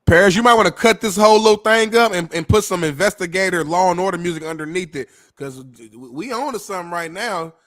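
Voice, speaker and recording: Playful guy co-hosting sports talk, high voice, teasing the others. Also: quick pace, few pauses, fairly bright tone. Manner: playful, teasing, hums sound effects. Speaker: co-host. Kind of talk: casual sports talk banter.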